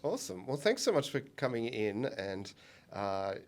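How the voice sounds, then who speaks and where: A man co-hosting a casual podcast, teasing his guests and thanking them warmly. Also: mid-range voice, sing-song, moderate pace. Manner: jokey, teasing interviewer. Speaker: podcast co-host. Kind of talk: casual chat.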